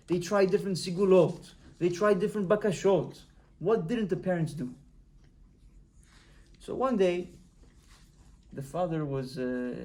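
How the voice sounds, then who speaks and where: A man's voice: a little high, darkish tone. A man giving a Torah talk as a rabbi, telling a story and acting out its dialogue, often restarting words.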